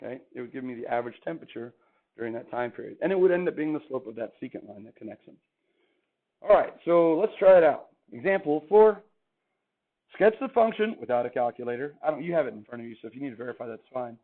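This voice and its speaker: Male math teacher, classroom lecture, higher voice, phone-like tinny sound. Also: very animated, fast talker. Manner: chatty, asks the class questions.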